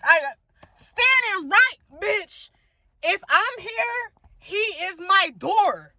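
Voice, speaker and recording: High-pitched woman ranting, dry close sound. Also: slow pace, no room sound. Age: adult. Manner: emphatic, profane, animated retelling. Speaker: vlogger. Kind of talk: storytime rant.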